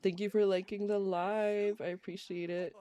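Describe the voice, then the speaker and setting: A woman's voice: mid-range voice, level tone, normal speed, dark tone. A woman streamer giving casual, giggly commentary on a life-simulation game while she plays live. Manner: chatty, giggly, reacts to gameplay. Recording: faint game music behind.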